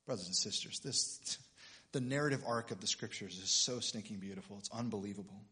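A middle-aged man, a pastor preaching a sermon with passion, building to loud emphatic peaks and reading scripture aloud. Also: on the low side, fairly quick. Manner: reads scripture aloud with dramatic voices.

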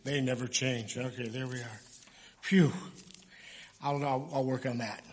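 A man's voice: fairly high pitch, a bit bright, big-room sound. A male pastor giving a sermon in church, talking in a loose, conversational way, often stopping to correct himself and joking with the congregation.

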